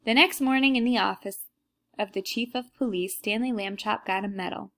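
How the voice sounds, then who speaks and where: A woman's voice: mid-range voice, normal speed, a bit bright. A woman reading a children's book aloud, narrating plainly and unhurriedly with small slips.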